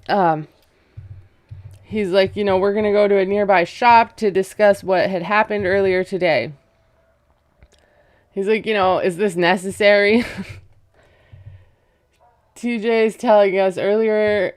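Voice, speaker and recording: A woman's voice: medium pitch, steady tone, a little slow, long pauses, a little mellow, no echo, studio quality. A woman casually recapping a reality show, chatty and gossipy, acting out quotes and laughing as she goes. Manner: gossipy, retells scenes with quoted voices and laughs.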